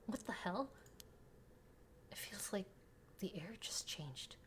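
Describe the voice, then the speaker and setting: A woman streams a horror game, reading the dialogue aloud and reacting dramatically, swinging between hushed whispers and sudden yelps. Her mid-range voice is expressive and slow with a breathy edge.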